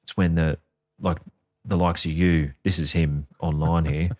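Man, very low voice, dry close mic, sardonic and sweary, podcast banter. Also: level tone, measured pace, darkish tone, no echo. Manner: sweary, sardonic storytelling, reading quotes aloud. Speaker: podcast co-host. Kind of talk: casual comedy podcast chat.

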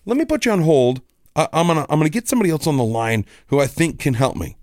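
A man mimicking a hurried phone support lady. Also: a little high, very animated, a little mellow, dry recording, clean studio sound. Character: flustered woman phone support agent.

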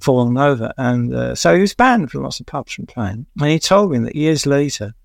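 An older man, his voice gravelly and fry-laden, recalls stories in a rambling interview manner. He pauses often with "uh" and chuckles at his own asides. The sound is dry and close, with no room echo. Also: medium pitch, expressive. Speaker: veteran music journalist, guest. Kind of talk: anecdotal interview storytelling.

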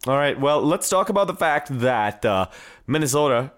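A man's voice: medium pitch, moderate pace. A man from India co-hosting a podcast, chatting casually and playfully. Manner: animated, playful with points game. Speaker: podcast co-host. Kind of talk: casual chat.

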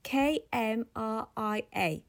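A woman reading the part of a blunt, brusque male newspaper editor, gruff and dismissive. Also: a little high, slow.

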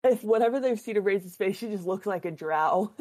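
A woman playing a tabletop game, talking quickly and laughing. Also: mid-range voice, animated, darkish tone. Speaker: player. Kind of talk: casual tabletop play.

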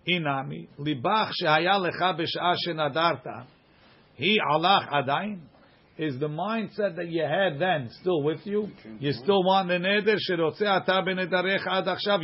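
In a slightly high voice captured on dull-sounding audio, a man teaches a Talmud class. He reads passages aloud, then quickly explains them in English using everyday examples.

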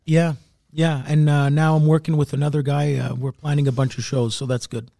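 Man, podcast guest, easygoing and encouraging, slightly high voice, dry sound. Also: little pitch movement, fairly quick, creaky, warm tone, dry recording. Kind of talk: casual chat.

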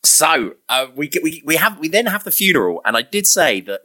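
A man's voice: a little high, big pitch swings, moderate pace, sharp tone. A man hosting a podcast in casual chat, enthusiastic and laughing as he recaps. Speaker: podcast host.

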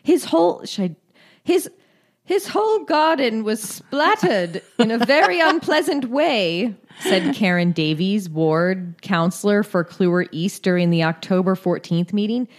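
A woman putting on a deliberately bad English accent to voice a prim, appalled woman councillor in a podcast. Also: fairly low pitch, steady tone, natural voice.

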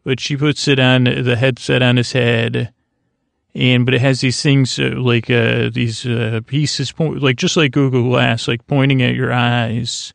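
A man talks through an episode recap in a slow, rambling way that keeps stalling on fillers and restarts. His voice is gravelly with little rise and fall, and the close microphone sounds dry. It suits a drowsy podcast. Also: mid-range voice, little pitch movement, no echo. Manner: meandering, filler-heavy, halting. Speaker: podcast host.

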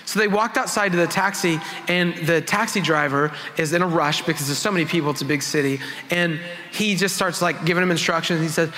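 A man with a high, bright, forceful voice preaches to his congregation in an easygoing, storytelling way. His words ring out with a long reverb through the church hall. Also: brisk. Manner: conversational, self-deprecating storytelling. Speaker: worship pastor. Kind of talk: sermon with personal stories. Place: church sanctuary.

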